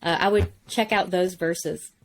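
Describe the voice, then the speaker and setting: A woman's voice: fairly low pitch, fairly even intonation, measured pace. Woman explaining scripture in a casual lesson. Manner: engaged and explanatory, casual phrasing. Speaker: co-host, teacher. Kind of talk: conversational Bible lesson.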